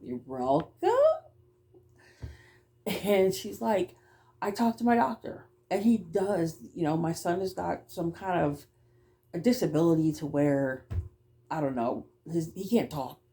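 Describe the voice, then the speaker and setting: A woman who runs a childcare business tells a story casually and bluntly, swearing and occasionally stumbling over words. At times she talks fast. Her voice is lowish and warm.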